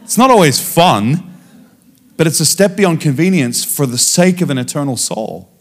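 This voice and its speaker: A man preaching as a guest speaker, telling a personal testimony in a lively storytelling way and acting out the dialogue. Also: a little high, moderate pace. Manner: animated storytelling, acting out dialogue with frequent restarts.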